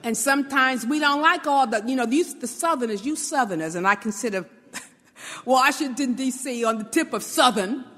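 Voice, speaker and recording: In a large hall, a Brooklyn woman speaks at a moderate pace in a high voice with a fairly bright tone. Her motivational talk is informal and conversational, full of "right?" check-ins and little acted-out quotes.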